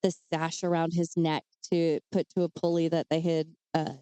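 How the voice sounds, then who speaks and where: A woman's voice: low-pitched, level tone, normal speed, dark tone, clean tone, dry recording. A woman co-hosting a podcast, telling true crime cases in a casual way with chatty asides. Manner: reads case details with chatty asides and fillers. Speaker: podcast co-host.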